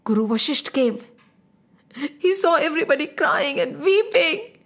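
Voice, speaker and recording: A woman narrating a story with emotive delivery, slowing and dropping to a hush. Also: sits high, animated.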